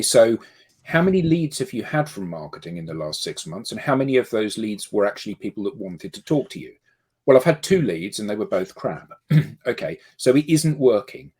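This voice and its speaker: A man's voice: on the low side, a little mellow, husky. A man on a casual panel discussion, emphatic and rhetorical, arguing his point through questions.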